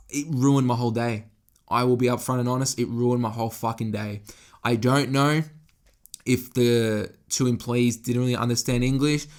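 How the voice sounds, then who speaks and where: A young man of medium pitch tells a story on his podcast in a loose, swear-filled monologue. He gets animated and his voice climbs high whenever the story frustrates him. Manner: animated, profane, rising in pitch when exasperated. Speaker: podcast host.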